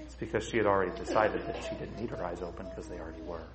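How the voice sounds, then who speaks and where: A man preaching a sermon to his congregation, swinging between loud, high emphasis and low, quiet stretches, and asking them rhetorical questions. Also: steady tone, racing, poor audio. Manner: emphatic preaching with big swings in pitch and loudness. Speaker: pastor.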